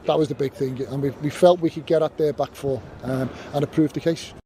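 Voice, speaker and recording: A man in a post-match interview as a football manager, measured and full of fillers. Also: a little high, fairly even intonation, warm tone, a little hiss or hum.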